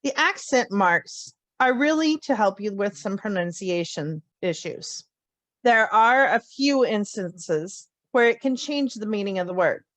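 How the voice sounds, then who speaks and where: Slow, careful woman teaching letter sounds. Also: mid-range voice, expressive, no room sound. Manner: clear, deliberate enunciation of letter sounds. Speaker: Spanish teacher. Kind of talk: slow, careful phonics lesson.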